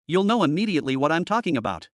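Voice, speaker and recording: A man voicing an excitable, hot-headed young gamer who shouts a lot. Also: on the high side, racing, no echo, studio quality. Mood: angry.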